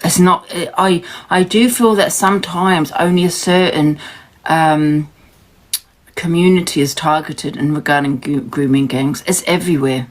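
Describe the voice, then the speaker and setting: A woman's voice: low voice, unhurried. A woman from New Zealand chatting casually on a livestream, rambling and defensive and laughing often. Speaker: livestream host.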